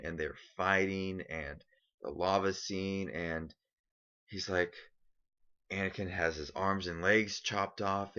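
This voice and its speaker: Deep-voiced young man, rambling vlog. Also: sharp tone, dull audio. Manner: enthusiastic, rambling with many ums. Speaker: movie vlogger. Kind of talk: casual movie countdown vlog.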